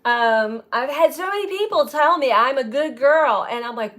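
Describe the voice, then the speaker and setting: A woman tarot reader reflecting aloud in a slow, musing way, often breaking into light laughter. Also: high-pitched, animated, a bit bright. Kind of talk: spiritual reflection to camera.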